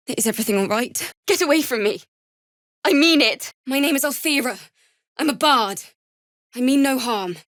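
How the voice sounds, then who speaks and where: A young bard in a video game, earnest and grieving, who slips from shy apology into sudden anger. She speaks slowly and carefully, with a pitch that rises and falls a lot. The sound is dry and close. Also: fairly bright tone, dry recording. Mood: frightened. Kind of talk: video game character dialogue.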